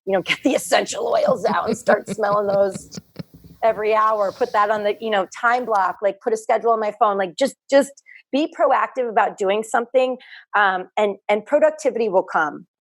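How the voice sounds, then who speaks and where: Here the fitness business owner, a woman in her thirties guesting on a podcast, talks at a normal speed with a medium-pitched voice. Her casual conversation is sincere and introspective, with moments where she says the same thing twice.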